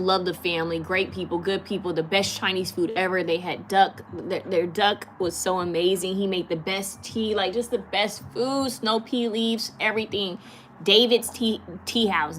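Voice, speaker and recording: A woman's voice: on the low side, fairly bright tone, slight background noise. A woman from California hosting a live stream, chatting casually and giggling as she answers viewer comments. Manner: chatty, giggly, with many fillers and quick repeats.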